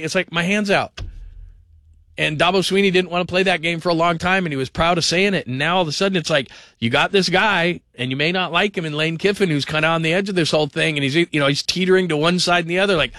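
Bright-voiced man hosting sports radio. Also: a little high, quick pace, no room sound. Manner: animated, does mocking voices of others. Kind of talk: call-in sports talk.

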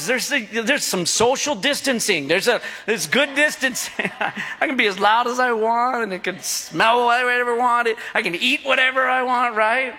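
A man's voice: extremely high pitch, normal speed, pushed and bright, a little hiss or hum. A middle-aged man preaching a sermon as pastor, joking with the congregation and drawing out their replies. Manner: jokey, asks the congregation for responses. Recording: echoey hall.

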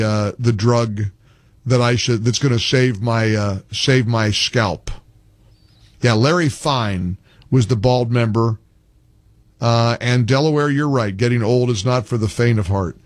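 A man's voice: medium pitch, unhurried, dry recording. An older man hosting a call-in radio talk show, joking and exasperated, talking with callers.

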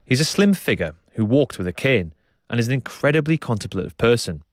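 A man presenting a radio documentary, narrating and describing what he sees in a calm, descriptive way. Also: medium pitch, brisk, no echo. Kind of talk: documentary narration and on-site reporting.

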